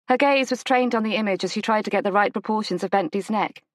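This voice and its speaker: A woman narrating a romance audiobook in a measured, gentle storytelling manner. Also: no echo. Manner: measured, gentle storytelling, lifts pitch for the heroine's lines. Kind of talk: scripted narration of a romance novel.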